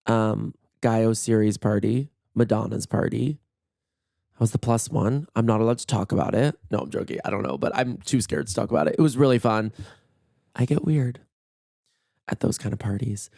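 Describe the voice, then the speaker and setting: A man with a hoarse, worn-out voice tells stories in a chatty, gossipy way. He swears often and acts out what everyone said. The sound is dry and close, with almost no room echo. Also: on the low side, moderate pace, mellow. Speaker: podcast host. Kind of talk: casual solo storytelling. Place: in bed at home.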